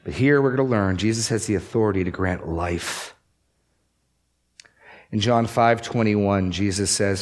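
A man's voice: fairly low pitch, unhurried, long pauses. Guy preaching a sermon, punchy emphasis, swings up and down on key words. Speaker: pastor.

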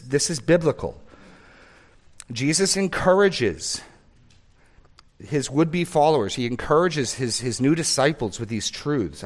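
A man preaching a sermon as a pastor, reading scripture aloud and stressing key words. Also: on the high side.

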